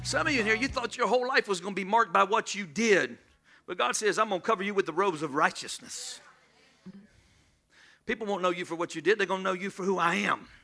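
Over soft background music, a male pastor gives a lighthearted sermon, raising his voice at times and calling on the congregation to respond. His voice sits high, with vocal fry, and he moves fast.

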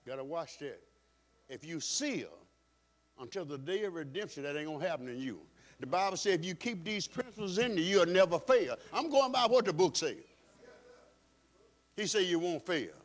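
A man preaching from the pulpit with a fairly high voice. He drives each point home and repeats his key lines. His delivery is emphatic, as a pastor's sermon. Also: big pitch swings, normal speed.

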